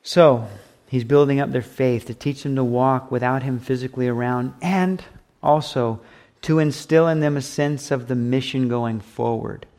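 A man's voice: mid-range voice, moderate pace, darkish tone. A man preaching a sermon as pastor, emphatic and repetitive, with acted asides.

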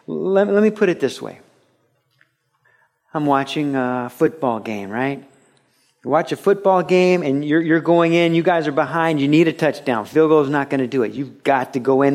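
A man preaching a radio sermon, earnest and conversational, dropping low and soft, then rising into lively storytelling. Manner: earnest and conversational, with repeated restarts; swings between a quiet, intimate tone and lively, raised storytelling. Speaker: pastor.

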